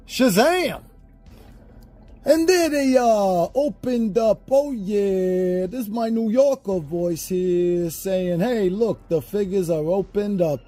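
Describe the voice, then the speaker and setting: A man with a slightly higher voice runs a casual toy unboxing review. He talks straight to his viewers, swearing freely and ranting in an animated, exasperated way. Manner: animated, profane, exasperated rants.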